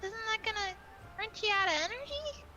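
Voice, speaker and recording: A woman's voice: very high-pitched, fairly quick, sharp tone. A woman playing a tabletop game in casual chat, hesitant and giggly. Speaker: player. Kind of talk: casual tabletop role-play.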